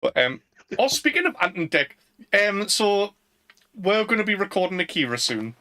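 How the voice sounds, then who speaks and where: Bright-voiced British man, giggly. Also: high voice, sing-song, moderate pace. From Britain. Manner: giggly, rambling, trails off mid-sentence. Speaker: podcast co-host. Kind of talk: casual chat. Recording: live-streamed podcast.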